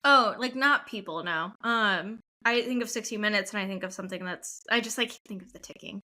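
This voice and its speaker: A woman's voice: medium pitch, fairly quick, pushed and bright. A woman co-hosting a podcast in casual chat, emphatic and sweary, with plenty of verbal fillers. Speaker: podcast co-host.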